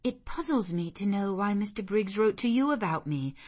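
A woman's voice: medium pitch, expressive, normal speed, darkish tone, natural voice. A woman voicing a determined, passionate young woman who speaks in an insistent, fervent way.

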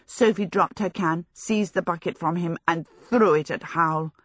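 An audiobook narrator reads a storybook aloud in a measured, expressive style. Her voice is fairly low-pitched, and the sound is clean studio quality with no room sound.

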